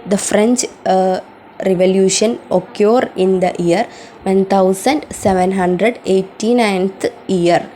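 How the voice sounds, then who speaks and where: Woman, slow, exam question review, repeats questions, faint background hiss. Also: medium pitch, mellow, poor audio. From India. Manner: repeats each question slowly before answering. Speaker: student tutor. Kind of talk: reading out exam questions and answers.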